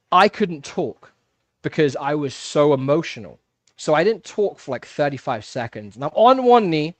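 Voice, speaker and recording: An Englishman with a fairly high voice hosts a casual livestream from his home fish room, captured in a dry recording. He's an animated storyteller, chatty and full of fillers, laughing often as he spins a tale.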